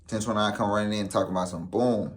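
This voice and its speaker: With a lowish voice and a fast pace, a young man recounts a story vlog-style. His delivery is animated and heavy on profane street slang, and he dramatizes what people said.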